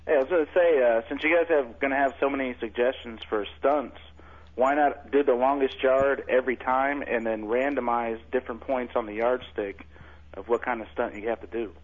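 Man, radio caller, earnest, husky voice, tinny phone line. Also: medium pitch, fairly even intonation, fairly quick.

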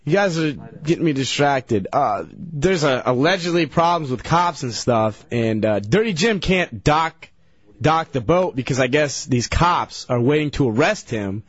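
A man's voice: a little high, expressive, unhurried, slightly rough, no room sound. A tired man telling a rambling story on a radio show, hesitating and restarting his sentences. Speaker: regular guest recounting a story. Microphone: studio radio mic. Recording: dull dry radio broadcast.

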